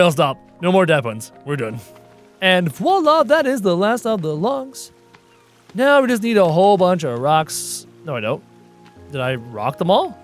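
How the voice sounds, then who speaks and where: High, lively-voiced man joking through a game. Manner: playful, chatty, full of puns; laughs at his own jokes. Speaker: gaming video host. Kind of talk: casual let's-play commentary.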